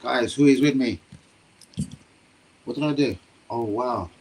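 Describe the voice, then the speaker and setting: A young man hosting a live football stream, chatting to his viewers in slangy, excitable talk with frequent swearing. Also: mid-range voice, a little slow, husky, rough recording. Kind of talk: casual live-stream commentary. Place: home room.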